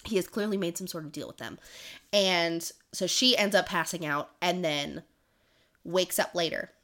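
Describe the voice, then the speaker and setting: A woman's voice: on the low side, moderate pace, a bit bright. Chatty woman recapping a book. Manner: rambling, full of "um" and "like". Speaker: podcast co-host.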